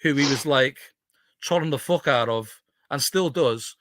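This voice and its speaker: A man's voice: medium pitch, measured pace, a bit bright, no room sound. Scornful ranting man, dry mic. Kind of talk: heated live stream argument.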